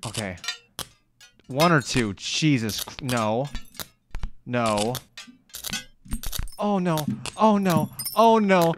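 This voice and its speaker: A man talking through a video game as he plays, his voice leaping up and down in pitch. He speaks at an unhurried pace, swears freely and scolds himself aloud between bursts of excitement. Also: background noise. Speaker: gamer playing a video game. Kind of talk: let's play commentary.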